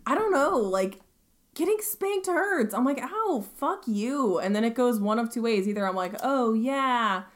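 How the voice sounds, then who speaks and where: A woman's voice: fairly high pitch, normal speed. Young woman cohosting a podcast, swears a lot, voice bounces all over the place. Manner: animated, swearing, lots of fillers, jumps into silly voices. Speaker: podcast co-host. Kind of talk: casual chat.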